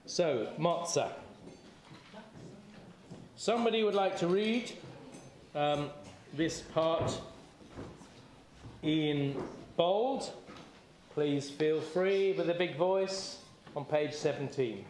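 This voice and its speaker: Male seder leader, fairly high voice, chatty and encouraging, echoey room. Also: drawn-out words, long pauses, darkish tone, slight background noise. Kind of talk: leading a group seder. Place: community hall or synagogue.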